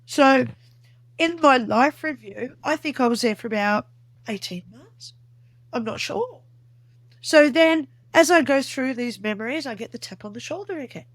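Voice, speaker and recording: A woman's voice: high voice, expressive, normal speed, dry recording. A woman guest on an interview podcast, earnestly recounting a personal experience in vivid detail. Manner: earnest, vivid storytelling that acts out remembered dialogue.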